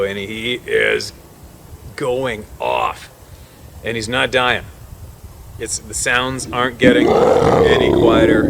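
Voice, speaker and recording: Animated man telling a hunting story. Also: mid-range voice, heavy background noise. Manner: vivid storyteller, laughs often, mimics shots and whispers. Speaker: hunting guide.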